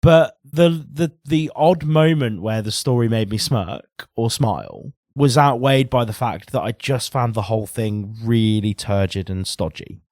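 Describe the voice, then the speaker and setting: A man's voice: mid-range voice, a little slow, few pauses, darkish tone, no echo, clean studio sound. A man co-hosting a comic book podcast in casual chat, giving blunt, sweary opinions. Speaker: podcast co-host.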